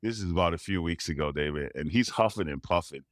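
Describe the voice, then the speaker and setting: A man, a tuba player, telling personal stories as a guest, animated and often laughing. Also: low voice, quick pace, no room sound, clean studio sound. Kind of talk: interview storytelling.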